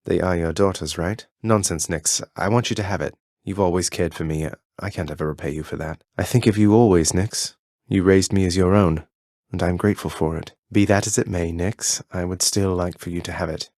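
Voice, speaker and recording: Zagreus, a deep-voiced underworld prince. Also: male voice, fairly quick, a little mellow, dry recording, clean studio sound. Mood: earnest. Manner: polite and earnest, wry with friends. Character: young male prince of the underworld, earnest and cheeky. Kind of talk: video game voice lines.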